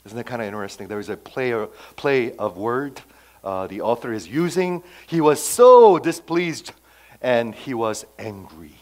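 Animated male preacher with sudden volume swings. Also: medium pitch, measured pace, low-quality recording. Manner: animated, sudden swings between loud and soft, rhetorical questions. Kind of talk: expository sermon.

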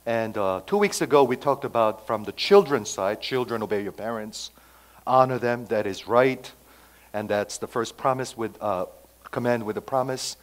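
A man's voice: medium pitch, normal speed. Male pastor, sermon, dramatic dynamic swings, conversational. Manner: emphatic, swings from loud to hushed.

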